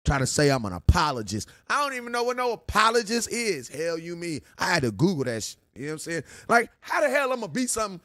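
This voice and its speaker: A man's voice: sits high, very animated, quick pace, few pauses, pushed and bright, no echo. A young man on a casual sports livestream, ranting, joking and laughing at his critics. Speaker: sports vlogger.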